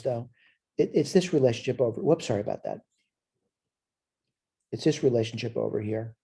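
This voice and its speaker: A man's voice: mid-range voice, gravelly, mellow, breathy edge. A man teaching a recorded college math lecture. He asks questions and answers them himself, and he repeats short phrases as he points things out on the board.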